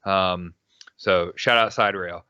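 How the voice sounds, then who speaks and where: Bright, crisp-voiced man rambling. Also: sits low, fairly even intonation, takes it slowly, dry recording. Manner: rambling storyteller, swears freely, many fillers. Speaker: podcast co-host. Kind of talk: casual podcast chat. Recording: dry, dull lo-fi mic.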